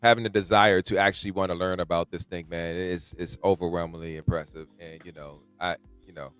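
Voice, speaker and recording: A man co-hosting a casual collector podcast, speaking earnestly in halting phrases with many restarts. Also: deep voice, fairly even intonation, a bit bright, clean tone, faint music behind. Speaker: podcast co-host. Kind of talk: casual chat.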